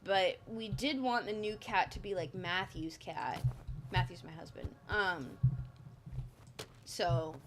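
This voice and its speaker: Slow, rambling woman streamer. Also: fairly low pitch, background noise. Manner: rambling with many ums and likes. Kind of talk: casual gameplay chat.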